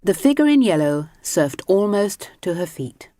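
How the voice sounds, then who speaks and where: A woman reading a children's storybook aloud in a gentle, expressive way. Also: on the low side, a little slow, no room sound, clean studio sound. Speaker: audiobook narrator. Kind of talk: storybook narration.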